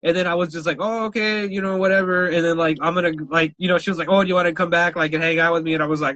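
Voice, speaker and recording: A man's voice: high-pitched, fast, few pauses, no room sound, lo-fi sound. A man co-hosting a podcast, telling wild stories in casual chat, swearing and laughing often. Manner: animated storyteller, swears a lot, laughs often. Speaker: podcast co-host.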